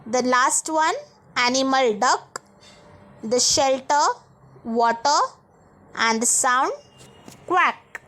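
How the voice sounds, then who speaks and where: Very slow high-voiced woman teacher. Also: fairly bright tone. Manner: slow, spells words letter by letter and repeats them. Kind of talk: online school lesson for young pupils.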